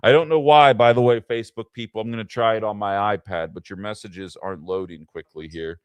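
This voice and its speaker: Rambling male livestream host, smooth voice. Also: lowish voice, fairly even intonation, no room sound. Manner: talkative and rambling, with fillers and quick asides to chat. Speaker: livestream political show host. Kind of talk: casual political commentary livestream.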